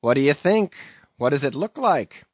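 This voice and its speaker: Scheming sailor, calm and sly; the narrator reads him. Lively pitch, dull dry audio. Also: male voice, normal speed, no echo. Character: Steelkilt, defiant sailor, a man.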